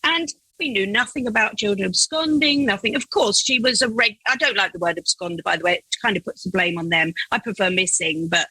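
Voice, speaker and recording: Middle-aged woman, bright breathy voice, laughs a lot, acts out what people said, dry close sound. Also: medium pitch, a little fast, few pauses, no room sound, low-quality recording. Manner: animated, laughing, acts out her own and others' voices. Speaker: guest, foster carer. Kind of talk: storytelling in a casual interview.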